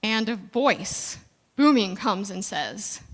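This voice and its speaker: A woman reverend giving a sermon in a conversational way, slowing down for emphasis. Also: mid-range voice, lively intonation, fairly bright tone, big-room sound.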